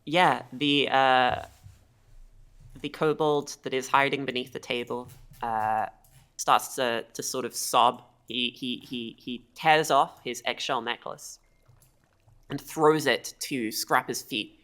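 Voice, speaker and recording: A woman narrating as game master of a tabletop game over a video call, with halting speech and frequent restarts. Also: extremely low pitch, fairly even intonation, a bit bright. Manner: halting, lots of fillers and restarts.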